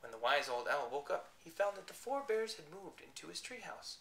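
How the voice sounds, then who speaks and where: A storyteller reading a silly bedtime story aloud in a playful, animated way. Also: medium pitch, a little fast, roomy sound.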